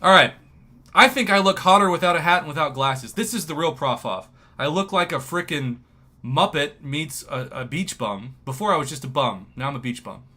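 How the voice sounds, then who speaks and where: A man in his thirties from New Mexico, hosting a casual livestream and talking in an emotional, excitable, ranting way. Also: fairly high pitch, normal speed. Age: 30s. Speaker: livestream host.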